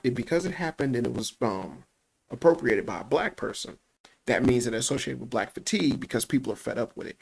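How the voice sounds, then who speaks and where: A man's voice: medium pitch, creaky. A man with a Chicago accent giving profane reaction commentary, laughing often as he rants. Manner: animated, laughs often, heavy swearing. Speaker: YouTube commentator.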